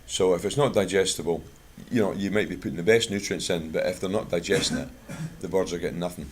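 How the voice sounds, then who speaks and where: A fast-talking Scotsman with a low voice speaks over a noisy background. Invited as guest speaker to a bird club, he gives a plain-spoken, chatty talk of product advice peppered with anecdotes.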